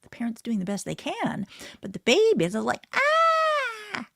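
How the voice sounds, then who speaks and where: A woman sound healer leading a guided healing meditation, speaking softly and slowly and often dropping to a whisper. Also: on the high side, wildly swooping pitch, creaky, dry recording, clean studio sound. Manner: soft, slow, often drops to a whisper.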